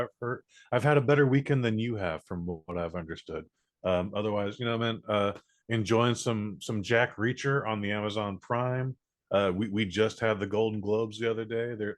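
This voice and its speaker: A man from the United States co-hosting a podcast in easygoing casual chat, hesitant, with many fillers. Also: on the low side. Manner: easygoing, hesitant, lots of fillers and quick reactions. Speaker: podcast co-host.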